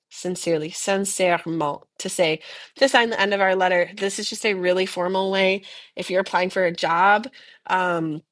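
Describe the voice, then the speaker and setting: Young woman teacher doing repeat after me french drills, patient and chatty, says the phrases real slow and clear. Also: lowish voice. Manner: chatty, patient explanations in English. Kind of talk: recorded language lesson, repeat-after-me drills.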